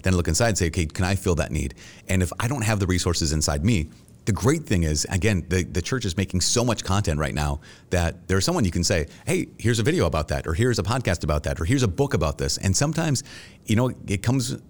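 A man's voice: deep voice, fast. A middle-aged man, a Catholic priest, answering interview questions in an earnest, reflective way and acting out his own past thoughts. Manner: earnest and reflective, with animated self-quotes.

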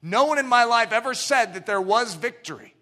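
A middle-aged man preaching a sermon, swinging from loud declarations down to hushed, low passages. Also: lively intonation, brisk.

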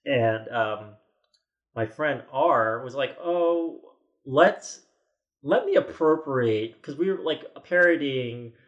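A man's voice: medium pitch, animated, slow, lo-fi sound. A man in his forties tells a story on a podcast, circling back with restarts and quoting what people said. His voice sits in a middle register and stays casual and chatty. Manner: rambling, many restarts and quoted asides. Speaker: podcast guest.

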